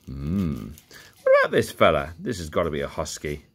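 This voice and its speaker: This toy collector vlogger is a young man whose very deep, husky voice swoops wildly in pitch as he talks at a moderate pace. Digging through a bag of old toy cars, he offers casual, jokey unboxing commentary full of rambling and muttered asides.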